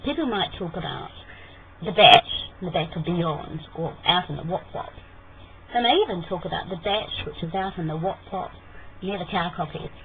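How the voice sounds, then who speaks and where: A woman's voice: fairly low pitch, animated, fairly quick. A woman from New Zealand with a New Zealand accent, playfully explaining her accent in a casual vlog. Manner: playful, teasing, demonstrates vowels. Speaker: vlogger. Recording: tinny lo-fi webcam audio with faint hiss.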